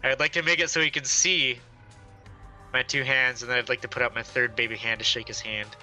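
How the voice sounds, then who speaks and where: A man with a sharp, very bright voice plays a tabletop game. He jokes brashly and swears freely. Faint music plays underneath. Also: mid-range voice, steady tone, a little fast, poor audio. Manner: brash, joking, profane. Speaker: player.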